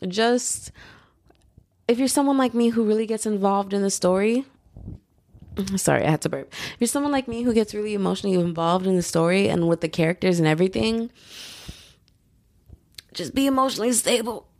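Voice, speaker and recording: A woman's voice: medium pitch, fairly quick, a little mellow, no room sound, clean studio sound. A young woman hosting her own podcast, chatting casually and animatedly with lots of fillers. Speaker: podcast host. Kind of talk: casual solo podcast chat.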